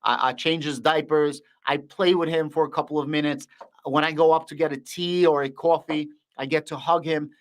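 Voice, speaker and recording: A man's voice: fairly high pitch, steady tone, moderate pace. A young man with a Russian accent hosting a casual livestream, talking bluntly and repeating his thank-yous. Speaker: livestream host.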